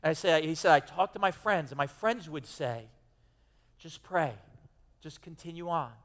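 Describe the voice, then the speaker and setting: A male pastor delivers a sermon in a church sanctuary, and his voice rings out with a long hall reverb. He sits a little higher than most men and preaches in an emphatic, conversational way, often restarting his sentences. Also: animated, moderate pace, fairly bright tone.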